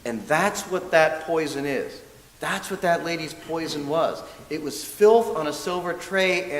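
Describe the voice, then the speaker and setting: Guy doing a dharma talk at church, kinda high voice, chatty and self-mocking, big echoey hall w/ a bit of hiss. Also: unhurried. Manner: lively, self-mocking storyteller who often laughs and acts out quotes. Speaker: minister's assistant giving a dharma talk. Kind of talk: storytelling sermon.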